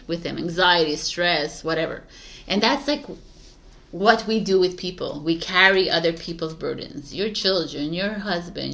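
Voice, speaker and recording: A middle-aged woman tarot reader from Canada, talking casually and passionately to her viewers, with frequent fillers. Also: lowish voice. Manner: passionate, animated, laughs often, frequent "like" fillers. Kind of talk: casual spiritual talk to camera.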